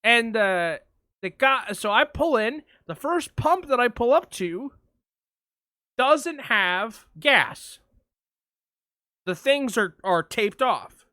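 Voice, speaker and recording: A man's voice: extremely high pitch, slow pace, pauses often, no room sound, studio quality. A man co-hosting a podcast, telling a long anecdote in casual chat and acting out what people said. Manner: animated anecdote telling, acts out quotes. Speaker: podcast co-host.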